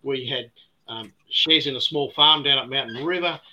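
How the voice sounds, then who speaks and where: Bright-voiced older Australian man. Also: mid-range voice, moderate pace, muffled recording. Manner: warm anecdotal storyteller, laughs often, repeats words. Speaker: guest distiller. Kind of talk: casual storytelling chat.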